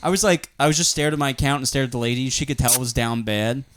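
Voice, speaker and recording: A man's voice: mid-range voice, quick pace, a bit bright, dry recording. A man co-hosting a comedy podcast, rambling through crude anecdotes and acting out the voices of people in them. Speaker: podcast co-host. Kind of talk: casual comedic storytelling.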